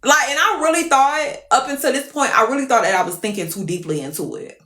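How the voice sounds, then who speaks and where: A woman telling a story to viewers on a live stream, animated and profane. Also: high voice, fast, roomy sound.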